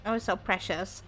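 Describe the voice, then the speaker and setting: A young woman streaming as a VTuber, chatting casually and teasingly with viewers and laughing often. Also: mid-range voice.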